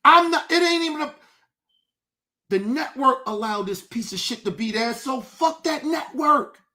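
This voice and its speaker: Loud, angry, high-voiced woman. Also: lively intonation, measured pace. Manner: angry, profane, often shouting. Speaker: streamer, show host. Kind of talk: livestream rant.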